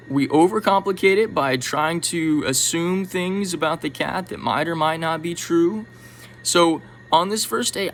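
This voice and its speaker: A man talking to camera in an animated, musing monologue, with sudden soft drops in his voice. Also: on the high side, a little hiss or hum, poor audio. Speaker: vlogger.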